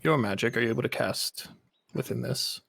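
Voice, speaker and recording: A man playing a tabletop game, talking things through in a deliberate, thoughtful way. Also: mid-range voice, vocal fry, a bit bright, slightly rough. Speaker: player.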